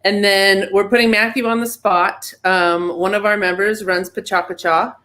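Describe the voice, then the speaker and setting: A woman's voice: medium pitch, steady tone, normal speed, pushed and bright. Upbeat woman announcing club events. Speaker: events presenter. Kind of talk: casual club meeting chat. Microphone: video call.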